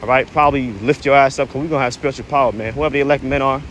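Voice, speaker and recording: A man preaching scripture outdoors in a mid-pitched voice, short of breath and blunt. He reads a verse, then breaks it down in profane slang. Faint traffic hums behind him. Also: fairly even intonation, very fast, a bit bright. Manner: keeps tagging lines with "man" and "right?". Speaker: religious commentator. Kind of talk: preachy street-corner scripture commentary.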